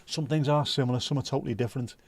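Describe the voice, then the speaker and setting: A man's voice: medium pitch, steady tone, very fast, darkish tone, breathy edge, no room sound. Male stream host, rambling casual chatter with plenty of swearing, dry close sound. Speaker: livestream host. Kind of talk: casual chat reading viewer comments.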